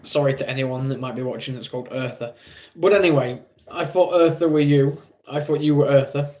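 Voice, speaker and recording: A man's voice: medium pitch, fairly quick, darkish tone. A man with an English accent streaming live, chatting casually with viewers in a rambling, self-deprecating way.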